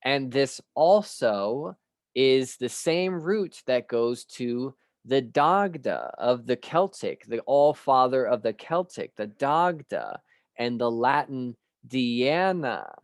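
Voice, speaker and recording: A man giving an unscripted spiritual studies lecture, measured and musing, pausing often and posing rhetorical questions. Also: medium pitch, very animated, dry recording, studio quality. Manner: clears his throat now and then.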